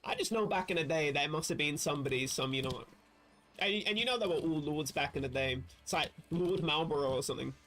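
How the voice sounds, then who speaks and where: A streamer with a slightly high, somewhat bright voice talks briskly while playing a video game on a livestream. He rambles casually, interrupts and corrects himself, and drops wry asides.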